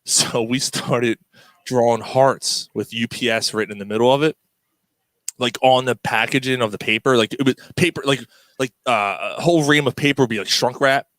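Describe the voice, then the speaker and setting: A man's voice: medium pitch, moderate pace, no room sound. Profane joking man. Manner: profane, laughing, animated, acts out voices in quotes. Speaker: podcast co-host. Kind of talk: storytelling among friends.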